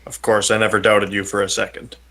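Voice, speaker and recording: A man's voice: lowish voice, little pitch movement, a little fast, a bit bright. Formal, polite man playing his character. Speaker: player. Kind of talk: playing a character in a tabletop game.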